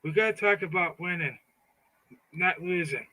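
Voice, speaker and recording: A man's voice: high-pitched, normal speed, bright, forceful tone, rough recording. A middle-aged man giving a fired-up, taunting political monologue, often stumbling and repeating words. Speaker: political commentator. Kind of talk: casual monologue.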